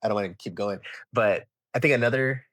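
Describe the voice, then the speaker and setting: A young man telling stories in a casual interview, animated and full of fillers, acting out what people said. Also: lowish voice, fairly quick, dry recording, studio quality. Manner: animated storyteller, acts out quotes, many fillers like "like" and "um". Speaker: podcast guest, toy photographer.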